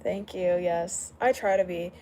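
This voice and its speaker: A woman's voice: lowish voice, fairly even intonation, measured pace, warm tone, a little hiss or hum. Chatty young woman on a late-night stream. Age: young adult. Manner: chatty, greets viewers by name, laughs often. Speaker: livestream host. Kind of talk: casual late-night livestream chat. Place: indoors at home, late at night.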